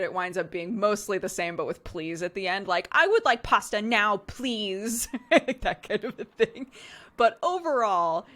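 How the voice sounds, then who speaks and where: A woman's voice: lowish voice, fairly bright tone. A woman hosting a live stream, chatting casually and frankly, often laughing and swearing now and then. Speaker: streamer and host. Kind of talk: casual chat.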